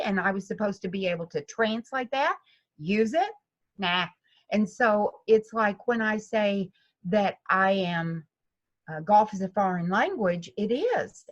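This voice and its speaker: Animated woman golf instructor. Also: medium pitch, highs cut off. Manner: animated storytelling, acts out students' voices. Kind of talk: interview conversation.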